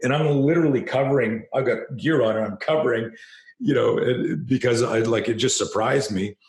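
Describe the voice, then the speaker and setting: A middle-aged man, a self-defense trainer, telling a story in an interview and growing animated as it builds. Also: normal speed, roomy sound. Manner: animated storyteller, rising in pitch and force when excited.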